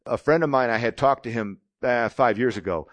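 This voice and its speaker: A man's voice: medium pitch, brisk, no room sound. A man in his sixties preaching a sermon, telling his own testimony in a plain-spoken, storytelling way.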